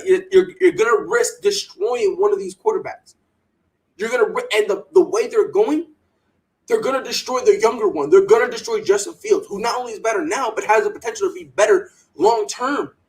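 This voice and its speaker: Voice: mid-range voice, fairly quick, poor audio. A sports podcast host giving opinionated takes in a fired-up, emphatic way, often repeating words and mocking others in put-on quoted voices.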